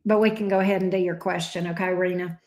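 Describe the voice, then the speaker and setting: This woman talks quickly in a lowish, slightly mellow voice with fairly even intonation and a Southern US drawl. As a tarot reader on a livestream she's chatty, calling viewers babes and love bug, and the room sounds echoey.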